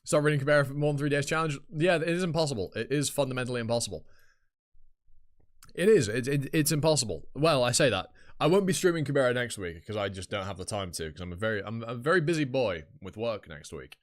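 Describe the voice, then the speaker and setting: A man's voice: medium pitch, expressive, fast talker. A young man chatting casually on a live reaction stream, rambling and swearing freely. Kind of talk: live reaction stream, reading a webtoon aloud.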